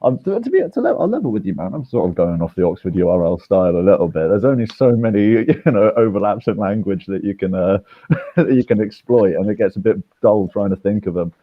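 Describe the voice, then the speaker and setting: Hesitant posh English man, lower voice. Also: animated, fairly quick, no echo. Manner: hesitant, self-deprecating, stumbles over words. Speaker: battle rapper. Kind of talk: casual chat. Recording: dry, dull lo-fi sound.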